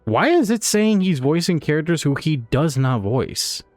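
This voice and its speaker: A man's voice: a little high, very animated, moderate pace, no echo, soft background music. Rambling, laughing man playing a game. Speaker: streamer. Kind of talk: casual let's play commentary.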